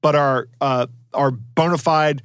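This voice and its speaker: A man's voice: medium pitch, fairly even intonation, takes it slowly, clear, resonant tone, no echo, studio quality. A man co-hosting a podcast, chatting casually and digressing to explain technical details. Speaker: podcast co-host. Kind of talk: casual chat.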